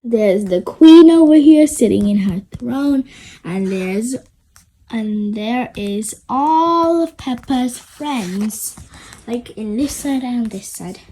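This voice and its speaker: A woman reading a children's storybook aloud, with a high voice that bounces animatedly. She takes her time and chats with her young listeners between pages. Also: lively intonation, slow pace, dark tone, slight background noise, low-quality recording. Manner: chatty, asides to young listeners.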